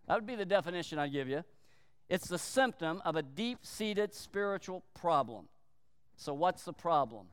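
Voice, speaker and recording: A man preaching a sermon with a high, clear, smooth voice. He speaks emphatically, stretching key words and slipping into quick acted-out quotes. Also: long reverb tail. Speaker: pastor.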